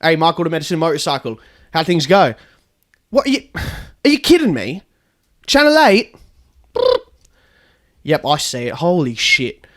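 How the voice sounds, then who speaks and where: A man's voice: a little high, very animated, moderate pace, pauses often, fairly bright tone, pitched below the performer's own voice. A man voicing a blind, foul-mouthed female bus tour guide in a comedic storytelling podcast. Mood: irritated, scheming. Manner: swings from chirpy guide patter to furious swearing.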